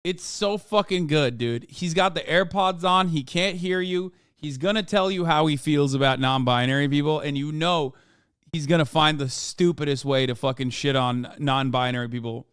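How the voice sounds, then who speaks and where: A man's voice: on the high side, normal speed, a bit bright, clear, resonant tone, no echo, studio quality. A man streaming casual reaction commentary, sarcastic and profane, rambling as he riffs.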